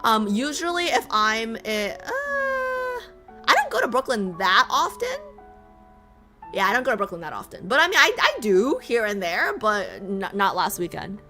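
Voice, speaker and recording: A woman streamer chatting casually with her viewers, self-mocking and repeating phrases as she goes, her voice a little raspy. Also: a little high, wildly swooping pitch, normal speed, over music. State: slightly raspy voice.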